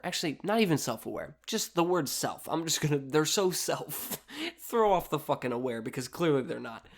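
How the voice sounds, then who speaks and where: A man hosting a solo podcast, reading posts aloud in a sarcastic, mocking way, swearing freely and laughing often. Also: mid-range voice. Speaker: podcast host.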